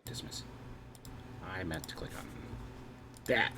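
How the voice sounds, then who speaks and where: A man's voice: slow pace, background noise. A man hosting a live stream, talking casually, flustered and apologetic as he mutters to himself. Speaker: livestream host.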